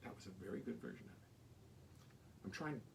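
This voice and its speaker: A man's voice: quick pace, creaky, a little hiss or hum. An older man chatting casually from his home studio, rambling and self-mocking in murmured asides. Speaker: singer-songwriter and bassist. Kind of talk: casual live-stream chat between songs. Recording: distant mic, loud bass playing behind.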